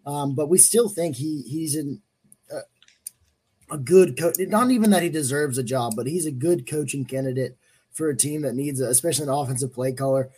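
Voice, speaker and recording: Laid-back man with mellow voice. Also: fairly high pitch, a little fast, breathy edge. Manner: laid-back, filler-heavy. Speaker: co-host. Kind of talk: casual sports talk.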